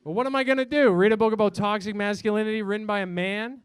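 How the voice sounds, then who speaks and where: Young guy doing standup, kinda high clear voice, self-deprecating, swears a lot. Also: fairly even intonation, fast talker, no room sound. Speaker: stand-up comedian. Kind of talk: stand-up set. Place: comedy club stage.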